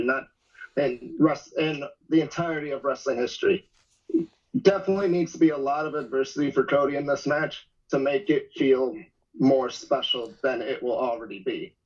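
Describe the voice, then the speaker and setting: A man's voice: medium pitch, a little mellow. Man with stop-start podcast talk, muffled. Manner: hesitant starts, then quick bursts. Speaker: podcast panelist. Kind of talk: casual podcast chat.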